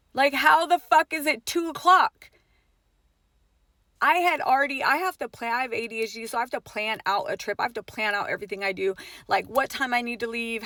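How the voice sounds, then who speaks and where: Middle-aged woman, higher voice, dry close sound, casual swearing storyteller, emphatic, many fillers. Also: fairly bright tone, no room sound. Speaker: mother telling a personal story.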